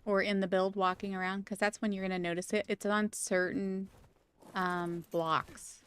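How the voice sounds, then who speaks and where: A woman's voice: medium pitch, little pitch movement, normal speed, smooth. A woman streaming a video game, chatting casually and playfully with her viewers and laughing often. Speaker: gaming streamer.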